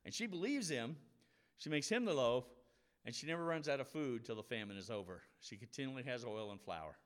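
A man's voice: medium pitch, expressive, fairly quick. A man preaching a conversational Bible lesson, explaining scripture in a casual, explanatory way and acting out the voices of people in the story.

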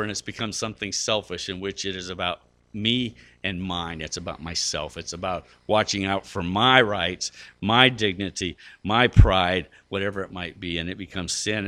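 A man's voice: medium pitch, bright, forceful tone. A middle-aged man preaching a sermon, earnest and conversational, climbing to emphatic peaks with fillers and restarts. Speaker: pastor.

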